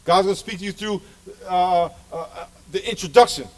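A man's voice: high voice, a little fast. A middle-aged male pastor preaching a sermon to his church with passionate, emphatic delivery. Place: church sanctuary.

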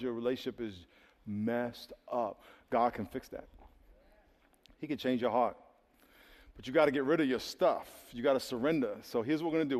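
A man preaching a sermon in a lively, joking way, acting out little dialogues for his congregation. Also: medium pitch. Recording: reverberant hall.

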